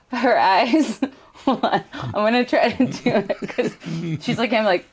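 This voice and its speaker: A woman's voice: fairly high pitch, animated, a little slow, breathy edge. A young woman hosting a casual podcast chat, talking candidly, swearing freely and joking with sarcasm. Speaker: podcast host.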